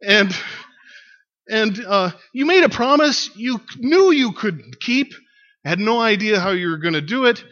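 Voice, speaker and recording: Guy doing a squeaky annoyed lady engineer, loud and bright, muffled lo-fi audio. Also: lively intonation, measured pace. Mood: scolding. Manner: high, loud and indignant. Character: exasperated woman engineer scolding a balloonist. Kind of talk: joke told in a sermon. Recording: lo-fi dull recording.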